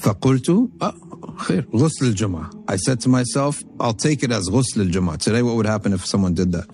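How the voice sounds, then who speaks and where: A man giving a religious lecture, telling a story from Arabic texts and explaining it in English with animated, emphatic delivery. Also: fairly low pitch, rapid-fire. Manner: emphatic, repeats phrases for stress. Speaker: Islamic teacher.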